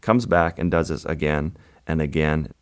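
A man, a photographer guest, telling his story in an interview in a halting, vivid way with pauses and fillers. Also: rumbling low, smooth.

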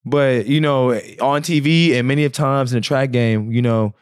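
A man's voice: mid-range voice, fairly even intonation, normal speed, smooth, no echo, studio quality. A man co-hosting a podcast, teasing and slangy, laughing a lot as he chats. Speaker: podcast co-host. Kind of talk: casual chat.

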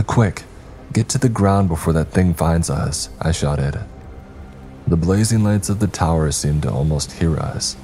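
A man narrating a scary story in a steady, wry, scripted storytelling manner. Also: extremely low pitch.

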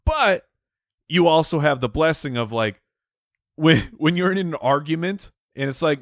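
Man, a touch high-pitched, hesitant talker who restarts and searches for words. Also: lively intonation, no room sound, studio quality. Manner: halting, thinks aloud with restarts. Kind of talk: casual chat.

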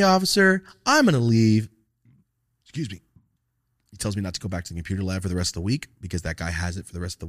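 A man's voice: low voice, fairly bright tone, no echo, clean studio sound. A young man hosting a casual podcast, telling a profane story and acting out the voices of the people in it.

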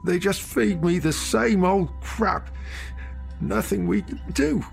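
A man's voice: sits high, takes it slowly, gravelly, slightly rough, soft background music, voice pushed up, exaggerated voice. A man voicing a worn-out middle-aged uncle near tears, weary and defeated. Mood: despairing. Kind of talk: audio drama narration.

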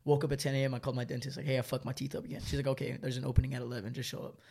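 A man's voice: medium pitch, flat delivery, rapid-fire, creaky, a little mellow. A young man, telling a long story in slangy, rambling casual chat and laughing often. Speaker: storyteller guest.

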